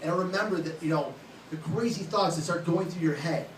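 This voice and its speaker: On a club stage, a man in his late thirties performs stand-up, cracking blunt, crude jokes at his own expense. His voice is fairly high and fairly quick. The room echoes, the mic is distant, and background noise is loud.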